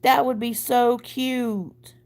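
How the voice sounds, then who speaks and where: Woman stream host, tired after crying, warm casual chatter with frequent laughs and verbal slips. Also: a little high, fairly even intonation, takes it slowly. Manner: chatty, laughing, tripping over words. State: tired from crying and little sleep. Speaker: livestream host. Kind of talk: casual chat.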